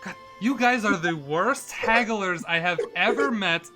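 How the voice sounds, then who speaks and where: A man's voice: high voice, animated, a little slow, over music. A man playing a tabletop game in character, with a sardonic way of talking. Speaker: player.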